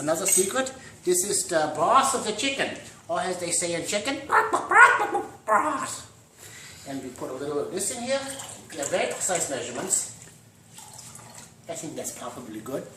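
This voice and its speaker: A man hosting a mock home cooking demonstration, rambling through deadpan puns and dad jokes. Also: a little high, noisy background. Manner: deadpan punning, dad jokes, trailing asides. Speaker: host of a joke home cooking show. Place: home kitchen. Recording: echoey kitchen with clattering pots and cutlery.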